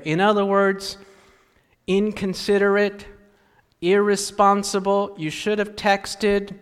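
Male pastor, high voice, slow deliberate sermon delivery with acted-out voices, reverberant hall. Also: clear, resonant tone. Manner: animated storytelling, acts out parents' voices.

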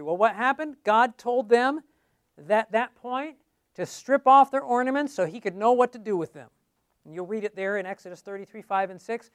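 A man's voice: sits high, clear, resonant tone, no echo, clean studio sound. A middle-aged man speaking as a pastor in a sermon-style Bible study, emphatic and repeating key words for stress. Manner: emphatic, repeats key words, quotes the people in his stories.

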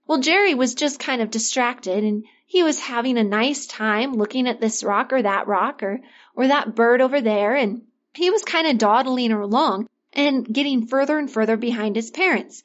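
Woman delivering a children's sermon story, gently expressive and a touch high-pitched, on a muffled recording. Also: moderate pace. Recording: dull lo-fi recording.

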